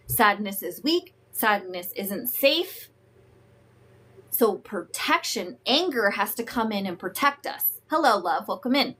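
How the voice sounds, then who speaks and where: A woman's voice: medium pitch, lively intonation, measured pace, a bit bright, slight background noise. A woman coaching viewers through a live-streamed talk. She is frank and emphatic, swears freely, and greets viewers by name. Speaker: host and emotional wellness coach.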